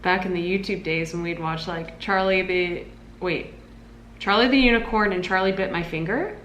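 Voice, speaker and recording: A woman co-hosting a podcast in casual chat, upbeat and agreeable, with frequent quick yeahs. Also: fairly low pitch, a bit bright, dull audio. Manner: upbeat, agreeable, quick back-channel "yeah"s. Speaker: podcast co-host. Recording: echoey room with faint noise.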